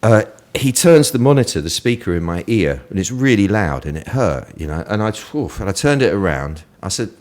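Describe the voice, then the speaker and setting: A man with a very deep voice, speaking as a guest in a relaxed interview. He tells stories with lively energy and frequent laughter. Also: fairly quick, few pauses. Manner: lively storyteller who laughs often. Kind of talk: animated storytelling in casual conversation.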